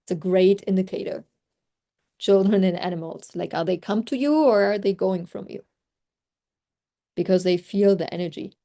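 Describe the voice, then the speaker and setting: Mellow-voiced woman coaching on a group call. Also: medium pitch, normal speed, long pauses. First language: German. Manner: chatty, reflective, many "like" fillers. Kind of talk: casual group call talk.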